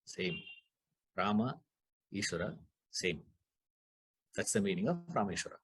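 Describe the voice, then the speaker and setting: A man's voice: low voice, lively intonation, unhurried, fairly bright tone, breathy edge. A man teaching a scripture class, explaining Sanskrit grammar, repeating key terms and putting rhetorical questions to his listeners.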